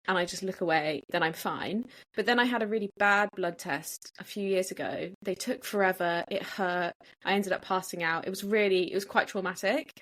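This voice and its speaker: Chatty woman telling a story. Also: mid-range voice. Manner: animated storyteller, acts out quotes. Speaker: podcast host. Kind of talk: casual chat.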